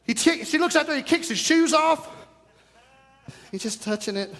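Breathless pastor guy, really high voice, storytelling sermon, big echoey church. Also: moderate pace. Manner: storytelling, animated, breaks into shouts and laughs. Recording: long hall reverb.

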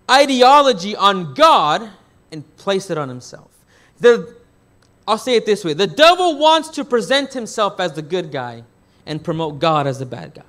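Lively high-voiced male pastor preaching. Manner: asks the congregation questions and answers them himself; rephrases and restarts mid-thought. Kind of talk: sermon.

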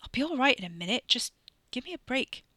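A grumpy young man with a bad stomach mutters and swears irritably, as a woman reads him. The voice is bright and crisp, close and dry, like a storybook reading. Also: high voice, big pitch swings, quick pace, no room sound, voice pushed up, exaggerated voice. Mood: complaining.

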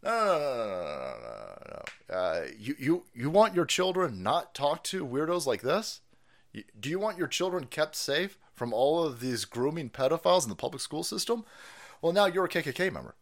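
Brief: foul-mouthed male stream host, high and lively, sarcastic rant. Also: normal speed. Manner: profane, mocking, animated. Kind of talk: livestream rant commentary.

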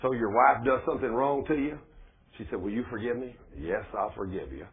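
Male preacher, husky and homespun, tinny lo-fi audio. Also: medium pitch, fairly quick. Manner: folksy, conversational preaching with plain speech and rising emphasis. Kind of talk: sermon. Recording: phone-like, thin lo-fi recording.

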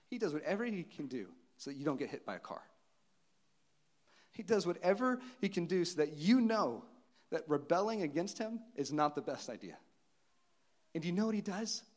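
A man in his thirties, a pastor, preaching a sermon in an earnest, personal storytelling manner with pauses and restarts. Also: fairly high pitch, very animated.

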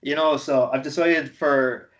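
A man in relaxed podcast chat, often dropping in "you know". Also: medium pitch, a little slow, highs cut off. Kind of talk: casual chat.

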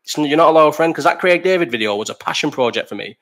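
A man's voice: on the high side, animated, fast talker, fairly bright tone. A young man with a Bolton accent hosting a casual live stream chat, blunt, sweary and opinionated, jumping from topic to topic. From Bolton, England.

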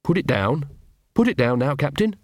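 A man voicing an earnest young male watch corporal who speaks gently and steadily in an audiobook reading. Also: on the high side, big pitch swings, normal speed, no room sound, studio quality. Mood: calm.

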